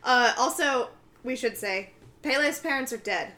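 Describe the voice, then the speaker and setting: A talkative woman retells a film scene by scene in easy podcast chat. Her voice sits a little high, and her telling is full of fillers and quick laughs. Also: a crowd in the background. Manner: chatty, laughing, filler-heavy. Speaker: podcast co-host. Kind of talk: casual chat recapping a film.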